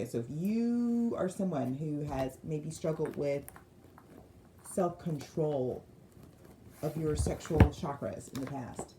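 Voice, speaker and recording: A woman's voice: low-pitched, dark tone, slight background noise. A woman giving a casual spiritual crystal card reading, chatty and digressive, reading the card text aloud with emphasis. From United States. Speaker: spiritual reader.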